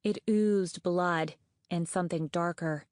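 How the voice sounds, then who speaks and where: A woman narrating an audiobook in a steady, even storytelling manner. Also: fairly low pitch, slow pace, no echo, clean studio sound.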